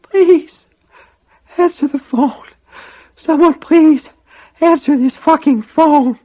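A male reader voices a dying bar owner, his voice leaping far above its usual register. He pleads in a screamy, breathless rasp of panic. The audio is dull and lo-fi. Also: very high voice, takes it slowly, dark tone, voice pushed up. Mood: desperate.

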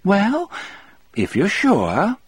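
An elderly woman, gentle and warmly grateful, speaks in a bright, lilting, high voice, as a male audiobook reader puts her on. The recording is dry and close, with a faintly husky edge under the raised pitch. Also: huge pitch swings, extremely slow, no room sound, exaggerated voice. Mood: earnest. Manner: bright, eager, lilting falsetto.

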